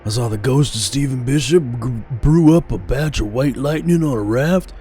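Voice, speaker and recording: A man's voice: mid-range voice, normal speed, mellow, faint music behind, pitched above the performer's own voice, natural voice. A man voicing a male riverboat worker who tells old river stories, reading game narration aloud. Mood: musing. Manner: reflective storytelling, reading aloud.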